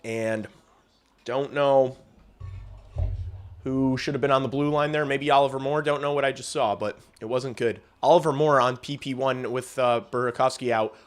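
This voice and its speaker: A young man hosting a casual livestream, giving play-by-play of a hockey game, swearing and swinging from muttered asides to loud outbursts. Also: mid-range voice, normal speed. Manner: excitable, swears, shifts between mumbled asides and loud outbursts. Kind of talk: casual live reaction and play-by-play.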